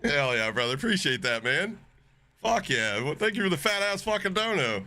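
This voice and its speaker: A man streaming live, chatting casually with his viewers, swearing freely and getting excited as he reacts to chat. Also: on the high side, fairly quick, slight background noise.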